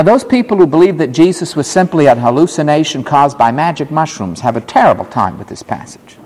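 Male pastor, emphatic sermon delivery, lively swooping pitch, long hall reverb. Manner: emphatic, animated Bible exposition.

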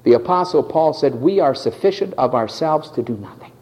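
A man's voice: a little high, animated, a little fast, darkish tone. A man preaching a sermon with passion, pleading and acting out the voices of the people he quotes. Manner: impassioned preaching, dramatically acting out quoted speakers. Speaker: pastor.

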